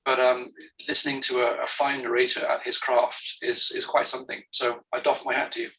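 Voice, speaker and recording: A man with a bright, sharp tone speaks as a guest author. His audio comes through a remote internet call and sounds distant from the mic. He talks hesitantly, restarting his sentences and filling the gaps. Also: medium pitch, little pitch movement, a little fast. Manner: hesitant, many restarts and fillers. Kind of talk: conversational interview. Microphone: remote call from home.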